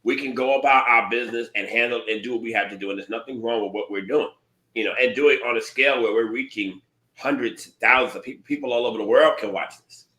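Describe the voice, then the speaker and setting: On a podcast he co-hosts, a man talks calmly, earnestly and thoughtfully about his own experience in a casual chat. His voice is medium-pitched and quick, and the audio is poor, with an echoey room.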